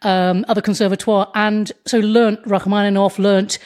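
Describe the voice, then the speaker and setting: A woman, a comedian, chatting as an interview guest, telling animated stories and slipping into put-on voices. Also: mid-range voice, normal speed. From England. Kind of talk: casual interview chat.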